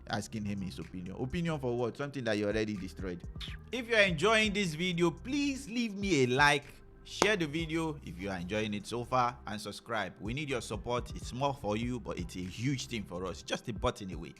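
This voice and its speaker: A man's voice: medium pitch, a little fast. A man giving blunt, preachy commentary on relationships and acting out what other people say. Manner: animated, preachy, acts out quotes. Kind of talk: opinionated reaction commentary.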